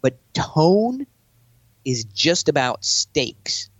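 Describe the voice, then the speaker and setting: Brash male podcast guest, dry, dull lo-fi sound, mid pitch. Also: extremely slow, no echo. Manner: brash, animated, acts out sales pitches. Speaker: business speaker, podcast guest. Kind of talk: casual chat.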